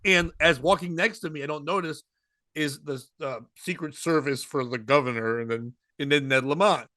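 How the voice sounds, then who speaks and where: High bright-voiced man telling a story. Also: moderate pace, no room sound. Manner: animated, acts out quoted voices. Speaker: podcast host and comedian. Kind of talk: storytelling chat.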